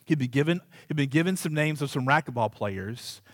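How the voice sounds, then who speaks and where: A man's voice: medium pitch, lively intonation, brisk, dry recording, studio quality. Humorous storytelling pastor, a man. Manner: humorous, self-deprecating storyteller; conversational, rambling asides. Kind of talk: sermon with a personal anecdote.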